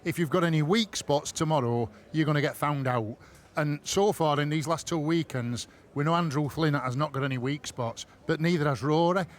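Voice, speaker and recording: A man with a slightly high voice gives emphatic, animated punditry on a strength contest. He stresses his points with energy. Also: normal speed. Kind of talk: studio punditry.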